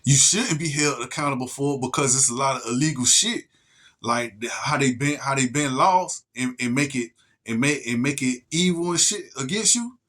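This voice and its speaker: A vlogger with a medium-pitched, slightly bright voice rants heatedly and profanely to the camera. He repeats and restarts his words and slows down to draw out his wordplay.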